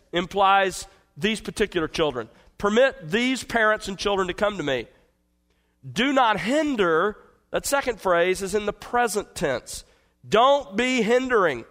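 A male pastor preaching an expository sermon in an earnest, emphatic way, swinging from forceful to hushed. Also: high voice.

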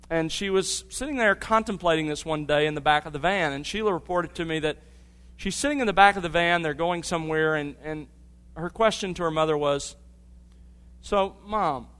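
A man's voice: a little high, a bit bright, clean tone. Earnest preacher man in reverberant church. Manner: earnest teaching with storytelling. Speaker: pastor. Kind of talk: sermon. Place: church sanctuary. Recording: long reverb of a church hall.

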